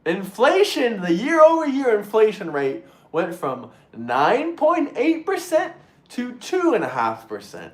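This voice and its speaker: A man hosting a political livestream, ranting in a mocking, crude, sarcastic way and mimicking opponents in shrill voices. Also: wildly swooping pitch, measured pace, roomy sound. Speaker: livestream host reading super chats.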